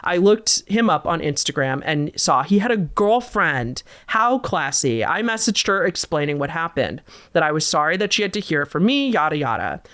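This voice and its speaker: A woman's voice: low voice, sing-song, moderate pace, hardly any pauses, fairly bright tone. A woman host reading viewer-submitted scary stories aloud and breaking in with disgusted, sarcastic asides. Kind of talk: storytelling reading with reactions.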